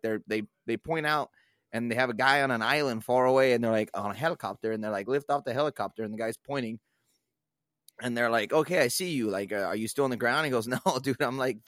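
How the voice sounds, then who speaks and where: A man's voice: mid-range voice, fast, fairly bright tone, no echo, clean studio sound. Rambling, profane young man on a podcast. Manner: rambling, profane, laughs at his own stories. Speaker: podcast co-host. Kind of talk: casual podcast chat.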